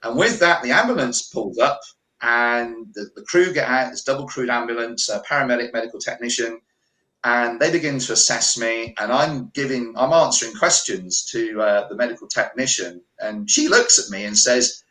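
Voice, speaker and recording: A middle-aged man from the United Kingdom, a radio interview guest, recounting events in lively first-person storytelling with quoted dialogue. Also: mid-range voice, brisk, reverberant, low-quality recording. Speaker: guest, holistic healer.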